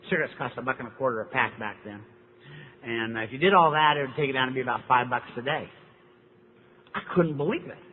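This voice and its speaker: A man's voice: a little high, slight background noise. Wry storytelling man in an echoing hall. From Dallas, Texas. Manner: folksy, wry, acts out dialogue. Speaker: recovery speaker. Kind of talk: storytelling talk to an audience. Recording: tinny lo-fi hall recording.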